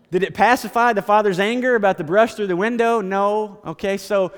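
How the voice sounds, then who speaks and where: A man's voice: sits high, fairly even intonation, brisk, few pauses, clear, resonant tone, in a large hall. A man preaching a sermon as pastor, in a conversational style, repeating phrases and stammering now and then.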